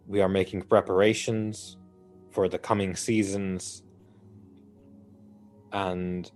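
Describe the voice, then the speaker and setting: Slow, deep-voiced man speaking formally. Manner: slow, formal, measured speech. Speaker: player. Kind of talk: in-character tabletop role-play.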